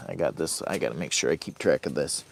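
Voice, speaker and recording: He has a bass voice, creaky and quick, with slight background noise behind it. The speaker is a vlogger livestreaming by phone from inside a heated tent on a camping trip, rambling casually and eagerly asking viewers to like and share.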